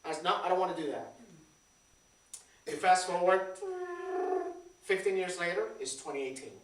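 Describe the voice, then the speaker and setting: Pastor preaching in an echoey church. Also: male voice, high voice, moderate pace. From Puerto Rico. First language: Spanish. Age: 30s. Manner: lively, repeats words, questions the congregation. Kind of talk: conversational sermon. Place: church sanctuary. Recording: echoey church, distant mic.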